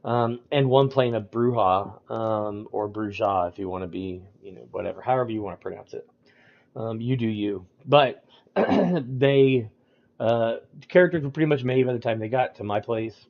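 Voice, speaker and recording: A man's voice: medium pitch, normal speed, gravelly, lo-fi sound. A man running tabletop games, talking casually on a livestream, rambling with frequent ums and restarts. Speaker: storyteller discussing a tabletop game.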